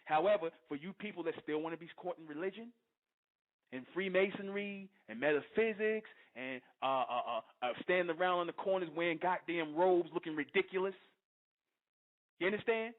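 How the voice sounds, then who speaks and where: A man's voice: sits high, moderate pace. A male radio host delivering an impassioned, confrontational monologue, profane and repetitive, constantly asking if you understand. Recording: tinny phone-like line.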